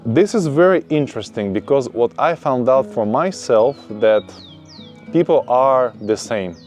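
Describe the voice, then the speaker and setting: Vlog host, male, mid pitch, upbeat and emphatic, asks his viewers rhetorical questions. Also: animated, measured pace. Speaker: vlogger. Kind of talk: casual vlog monologue. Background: soft guitar music.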